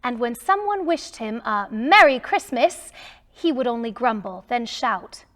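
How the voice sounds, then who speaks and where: A woman reading a children's storybook aloud, slow and expressive with emphatic lines. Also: fairly high pitch. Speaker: storybook reader.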